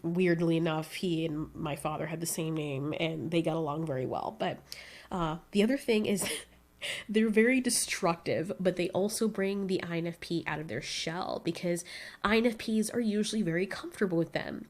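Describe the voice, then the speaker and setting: A young woman in casual chat, telling lively stories and acting out what people said, often breaking into laughs. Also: lowish voice, normal speed. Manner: animated storytelling, acts out quotes with laughs. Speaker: vlogger.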